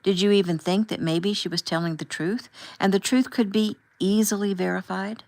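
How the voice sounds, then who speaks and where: A woman voicing a calm, firm husband and father who asks measured, pointed questions as he confronts a chaperone in an audiobook. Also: sits high, gravelly, rough recording. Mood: firm rebuke.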